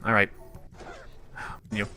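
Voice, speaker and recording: A man's voice: slow pace, bright, forceful tone, faint music behind. A man commentating on a game he is playing, reacting with exasperated outbursts. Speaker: gamer in a played clip.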